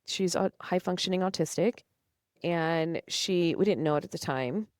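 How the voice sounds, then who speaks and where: A woman's voice: on the low side, moderate pace, a little mellow, no room sound, clean studio sound. A young woman, a podcast guest, telling her personal story earnestly and emotionally, acting out past conversations. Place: studio.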